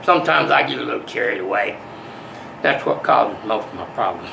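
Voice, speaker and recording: Older guy rambling to camera, gravelly voice, pitch jumps all over, soft one sec then menacing. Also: expressive, fairly quick, background noise. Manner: volatile, swinging from soft to menacing.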